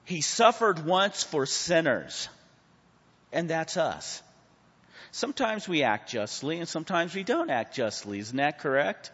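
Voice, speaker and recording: A man with a fairly high voice, teaching a Bible class. He preaches in swings between hushed and loud and keeps asking the room for answers. His voice rings with a long reverb, and the sound is a bit muffled. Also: sing-song, a little slow, husky. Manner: asks the class questions and calls on people. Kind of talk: Bible study sermon.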